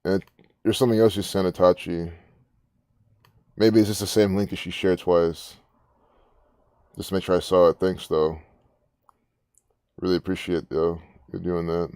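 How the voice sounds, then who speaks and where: A man with a low, dark, mellow voice talks through social media posts in a loose, rambling way, swearing and sounding incredulous. The sound is close and dry, with no room around it. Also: flat delivery, moderate pace, pauses often, clear, resonant tone, no room sound. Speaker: online commentator. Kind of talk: casual commentary reading social media posts.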